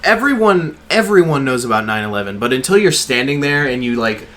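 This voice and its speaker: A man's voice: mid-range voice, big pitch swings, a little fast, fairly bright tone. A young man co-hosting a casual podcast, chatting in a rambling, jokey way that often trails off mid-sentence. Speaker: podcast co-host. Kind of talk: casual chat.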